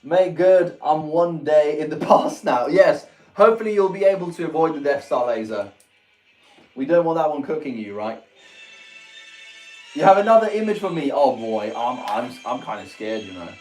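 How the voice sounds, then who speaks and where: Excitable guy on a livestream reacting to chat pics, kinda high voice, laughs a lot. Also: moderate pace. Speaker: livestream host. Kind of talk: casual livestream chat, reading viewer messages. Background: faint music.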